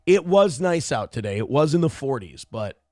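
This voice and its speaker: A man's voice: medium pitch, sing-song, normal speed, mellow. A man hosting a morning show, giving blunt, profane political commentary in a ranting way. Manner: blunt, ranting, swears often.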